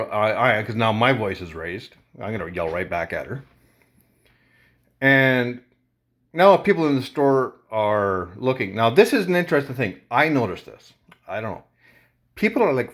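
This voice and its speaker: A man vlogger casually recounting a confrontation in an animated, indignant way. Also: medium pitch. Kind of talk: casual storytelling to camera.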